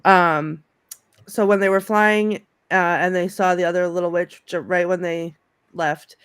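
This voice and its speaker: Woman, video call co-host, animated, laughing, dry recording. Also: lowish voice, unhurried, clear, resonant tone, no echo. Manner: animated, laughs often, acts out the quotes. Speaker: podcast co-host. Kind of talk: casual chat reading favorite film quotes.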